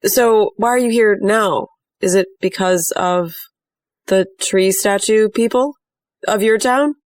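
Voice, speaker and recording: A woman playing a tabletop game, laughing often and asking quick questions. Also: mid-range voice, no room sound. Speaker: player. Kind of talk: casual tabletop play.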